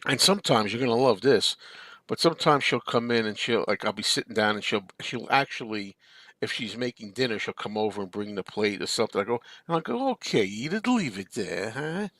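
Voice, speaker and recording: A man's voice: on the low side, animated, a little fast, a bit bright, no room sound. Chatty man hosting a live stream. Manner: rambling, chatty, reads viewer comments aloud. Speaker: show host. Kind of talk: casual live-stream chat.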